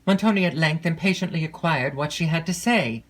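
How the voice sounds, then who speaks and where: A woman narrating a classic gothic novel in an unhurried, measured storytelling voice. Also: deep voice, poor audio. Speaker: audiobook narrator.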